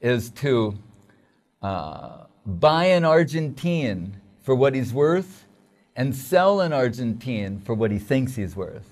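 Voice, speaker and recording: A man interviewing a guest, prompting him and finishing his sentences, then recalling memories of their teacher at an unhurried pace. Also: mid-range voice, very animated. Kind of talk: casual interview chat.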